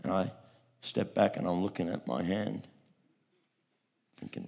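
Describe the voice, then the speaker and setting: A man's voice: low voice, unhurried, vocal fry, darkish tone. A man preaching a testimony sermon, telling a story with repeated words and a voice that swells at its peaks.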